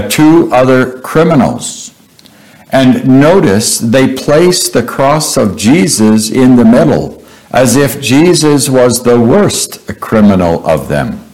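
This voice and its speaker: A man preaching a sermon, slow and deliberate, pausing often and breaking in with heartfelt exclamations. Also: mid-range voice, darkish tone, low-quality recording.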